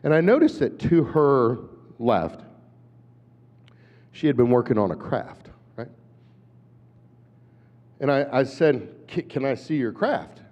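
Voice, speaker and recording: A man in his fifties, an animated storyteller who acts out voices, giving a talk at a conference. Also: medium pitch, slow pace, long pauses. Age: 50s. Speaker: conference speaker. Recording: dull hall recording with long reverb.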